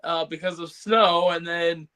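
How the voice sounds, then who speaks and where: Male co-host, fairly high voice, loose rambling delivery full of fillers. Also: fairly even intonation, unhurried, sharp tone, clear, resonant tone. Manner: rambling, many fillers and laughs. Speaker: podcast co-host. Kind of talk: casual chat.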